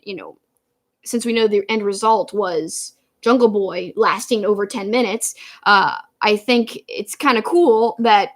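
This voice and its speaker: A woman with a voice sitting a little high for her sex co-hosts a casual review show. She talks in an animated, chatty way and often drifts into side tangents before circling back. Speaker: wrestling show co-host.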